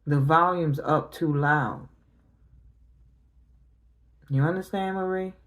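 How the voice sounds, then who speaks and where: A woman's voice: low-pitched, slow. A middle-aged woman tarot reader talking on a livestream, grieving and confronting her family directly in casual, emotional speech.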